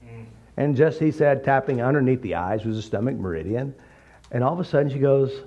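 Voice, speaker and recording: A man's voice: medium pitch, brisk. Blunt, joking man teaching. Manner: blunt, joking, animated storytelling. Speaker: therapy method teacher. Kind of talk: informal teaching talk with anecdotes. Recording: slightly dull recording.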